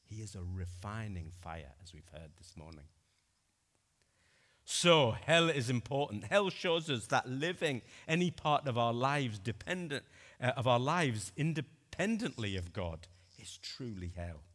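Earnest male preacher, deliberate and expressive, long church reverb. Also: mid-range voice. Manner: earnest, dramatic swings between loud and hushed. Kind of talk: sermon.

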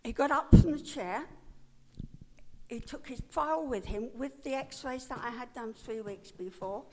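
A woman's voice: fairly high pitch, measured pace, darkish tone. An older woman telling her own story as a personal testimony, in an earnest, emotional way. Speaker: speaker giving a personal testimony.

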